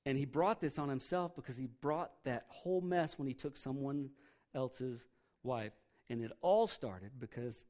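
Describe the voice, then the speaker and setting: A man preaching a sermon. He reads scripture aloud and explains it in a conversational way, pushing hard on key words and then dropping to a quiet voice. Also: mid-range voice. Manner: emphatic, swings between loud stresses and quiet drops. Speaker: pastor.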